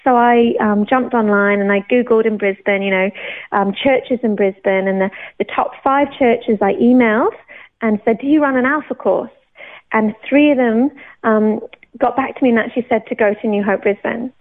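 Woman in her 30s, bright higher voice, lively testimony, phone-line quality. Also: normal speed. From England. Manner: animated, laughs often. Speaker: guest sharing her faith story. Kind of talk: personal testimony. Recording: tinny phone-line sound.

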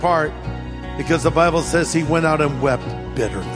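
Californian man preaching, high voice, playful and conversational, echoing hall. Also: normal speed, music in the background. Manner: conversational, humorous, animated storytelling. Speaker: pastor. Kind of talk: sermon.

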